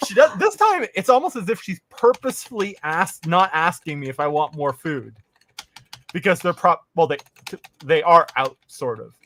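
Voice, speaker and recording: A man casually telling a funny travel story, animated, putting on higher voices for the people he quotes. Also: moderate pace, a little hiss or hum. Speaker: podcast co-host.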